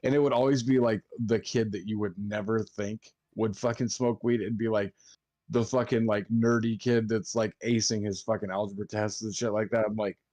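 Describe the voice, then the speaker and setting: A man's voice: on the low side, steady tone, normal speed, darkish tone, no echo. Swearing, rambling young man telling stories. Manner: rambling, heavy swearing, acts out quotes. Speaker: podcast co-host. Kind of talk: casual storytelling chat.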